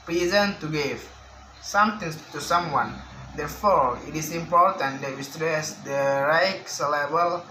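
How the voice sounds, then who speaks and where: Slow, bright-voiced man reading a lesson. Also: fairly high pitch. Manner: slow, careful reading of word lists with restarts. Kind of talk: reading a phonetics lesson aloud. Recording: echoey room with faint background hiss.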